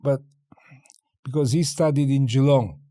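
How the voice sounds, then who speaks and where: An older man from China, a guest in an interview, telling stories in a lively way and acting out the dialogue. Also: mid-range voice, unhurried, dry recording, studio quality. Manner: animated storyteller acting out dialogue, laughing often. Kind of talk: interview storytelling.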